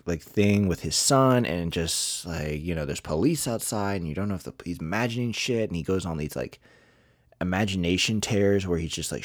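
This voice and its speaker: A man's voice: low-pitched, no echo, clean studio sound. A man hosting a podcast, giving blunt, profane, rambling movie reviews with lots of fillers. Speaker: podcast host. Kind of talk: casual movie review ranking.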